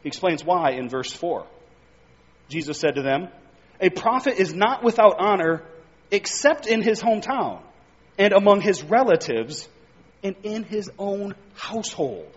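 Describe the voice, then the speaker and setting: A man delivers an expository sermon in a high, husky voice, reading scripture and driving his points home with emphatic rises. His voice rings with long reverb through a large hall. The recording itself sounds dull and muffled. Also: animated, a little slow. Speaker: preacher.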